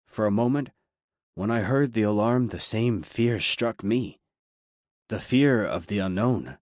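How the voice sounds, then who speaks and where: A man reading a story aloud as an audiobook narrator, steady and measured. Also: on the low side, no echo, clean studio sound. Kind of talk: scripted narration.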